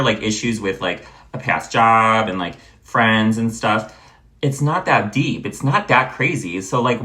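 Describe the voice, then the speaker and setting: A man's voice: fairly low pitch, pushed and bright. A young man telling a storytime vlog rant, exasperated and blunt, swearing freely as he vents. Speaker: vlogger.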